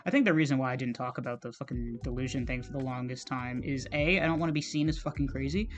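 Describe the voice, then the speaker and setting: A man's voice: medium pitch, fast talker, faint music behind. A man streaming while he draws, talking in a rambling, casual way, full of "like" and swearing. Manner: rambling, heavy use of "like", frequent swearing. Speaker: art streamer.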